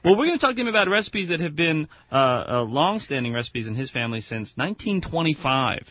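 A man's voice: fairly high pitch, sing-song, quick pace, dry recording, dull audio. A man hosting a radio talk show, jovial and laughing often as he introduces segments. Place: radio studio.

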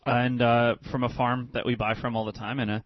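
A man's voice: mid-range voice, level tone, fairly quick, no echo, muffled recording. A man co-hosting a radio food show, joking and teasing his partner while he talks about fresh produce. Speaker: radio show co-host, chef. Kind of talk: casual radio banter. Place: radio studio.

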